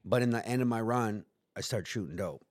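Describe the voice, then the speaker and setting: A man's voice: on the low side, brisk, darkish tone. A man telling a story in casual chat, rambling and profane, acting out quotes in put-on voices. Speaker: guest.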